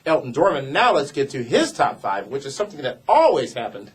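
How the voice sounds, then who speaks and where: A man's voice: mid-range voice, wildly swooping pitch, a little fast, slightly rough. A man co-hosting a casual wrestling show, reading viewer emails aloud with playful emphasis. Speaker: co-host reading viewer mail. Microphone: desk mic.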